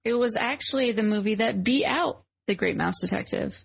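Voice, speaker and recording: A woman co-hosting a podcast, chatting casually and excitably, with a giggly manner. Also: fairly high pitch, normal speed, creaky, husky. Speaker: podcast co-host.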